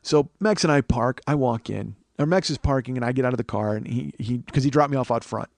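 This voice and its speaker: A man's voice: medium pitch, fairly quick, vocal fry, darkish tone, dry recording. A man in his forties, a comedian hosting a podcast, telling a story in a profane, rambling, ranting way. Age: 40s. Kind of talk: casual comic storytelling.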